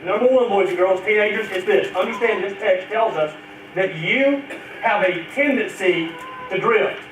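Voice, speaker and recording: A man's voice: high-pitched, normal speed, over music. A man preaching a sermon to children and parents, speaking earnestly and drawing out key phrases. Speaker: pastor. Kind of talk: sermon to a church congregation. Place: church sanctuary. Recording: echoey church recording from far off.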